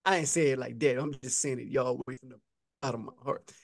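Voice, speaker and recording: A man's voice: medium pitch, fast, vocal fry, no echo, studio quality. A man co-hosting a podcast, casually telling a story and acting out the back-and-forth he quotes. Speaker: podcast co-host.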